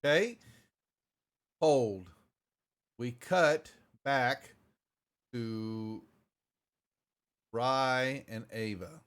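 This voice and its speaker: A man's voice: mid-range voice, very slow, long pauses, a bit bright, clean tone. A man running a tabletop game as game master, narrating loosely with many fillers and restarts.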